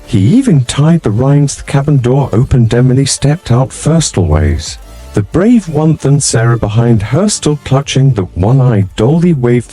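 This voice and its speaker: A man's voice: mid-range voice, mellow. A man narrating a story in short, clipped fragments, with a terse, scripted delivery.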